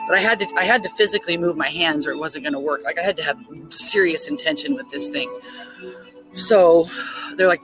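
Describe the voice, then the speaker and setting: A woman casually telling a story, excitable and full of "like" fillers, acting out her own thoughts in quotes. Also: deep voice, fairly quick, over music, rough recording. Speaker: spiritual storyteller.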